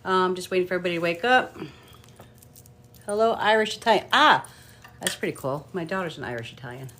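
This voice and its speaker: A woman's voice: on the low side, animated, fast talker, fairly bright tone. A middle-aged woman reading tarot cards on a live stream, chatting casually, greeting viewers by name and muttering asides to herself. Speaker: tarot card reader.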